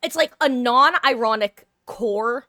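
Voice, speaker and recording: A woman's voice: fairly high pitch, takes it slowly, bright, forceful tone, no echo, studio quality. A young adult woman from Southern California, streaming and chatting casually with viewers in a rambling, self-deprecating way with casual swearing.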